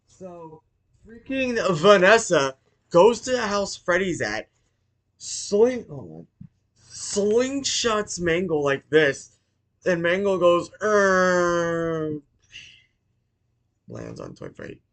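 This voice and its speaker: A man casually recapping a movie for his channel, rambling with restarts and apologies, excitable and swearing. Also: sits high, slow pace, creaky. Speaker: YouTuber reviewing a movie.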